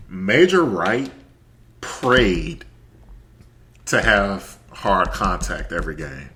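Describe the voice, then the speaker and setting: Deep-voiced casual sports podcaster, man. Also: lively intonation, extremely slow, bright, forceful tone. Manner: laid-back, joking, trash-talking. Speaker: podcast co-host.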